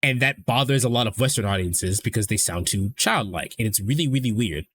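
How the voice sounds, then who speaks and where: A man's voice: fairly low pitch, lively intonation, a little fast, a bit bright, slight background noise. Rambling young man chatting on stream. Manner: rambling, swears freely, many fillers and restarts. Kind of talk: casual stream chat.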